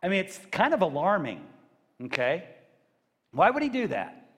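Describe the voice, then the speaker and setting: A man preaching a sermon as pastor, animated and joking, now and then acting out loud shouts. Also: high-pitched, moderate pace, long reverb tail.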